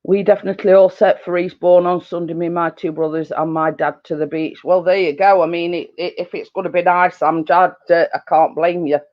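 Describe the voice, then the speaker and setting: A middle-aged woman hosts a relaxed live-stream chat from her living room, rambling with plenty of fillers and giggles. Her voice sits on the low side with a steady tone, and she talks briskly with hardly any pauses. The home recording sounds dull and lo-fi.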